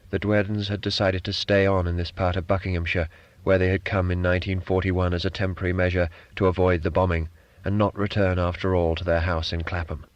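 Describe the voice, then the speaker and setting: A man reading literary fiction aloud as an audiobook narrator, measured and even. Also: low voice, dry recording, lo-fi sound.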